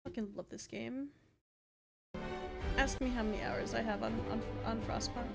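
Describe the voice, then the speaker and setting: A young woman streaming a game live, chatting casually and excitably, swearing and tacking on a playful "woof". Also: a little high, normal speed, gravelly, over music.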